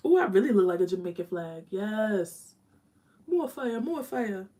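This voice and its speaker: A woman's voice: mid-range voice, sing-song, a little slow, dark tone. A young woman chatting candidly during a live makeup stream at home, talking while she applies eyeshadow. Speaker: beauty vlogger. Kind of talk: casual live makeup chat.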